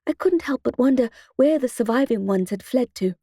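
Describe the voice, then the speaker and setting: A woman narrating a first-person audiobook in a steady, expressive storytelling manner into a close studio mic. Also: a little high, brisk, dry recording.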